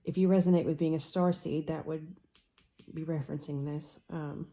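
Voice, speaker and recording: A woman giving a pick-a-card tarot reading, musing slowly and trailing off into soft murmurs as she works through the cards. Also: sits low, fairly even intonation.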